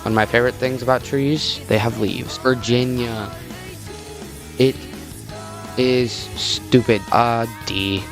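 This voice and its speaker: A man's voice: medium pitch, steady tone, takes it slowly, long pauses, music in the background. A young man from Texas, giving rambling, jokey commentary in a casual video and often breaking off mid-sentence. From Texas, USA. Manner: rambling, jokey, self-interrupting. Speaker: video creator.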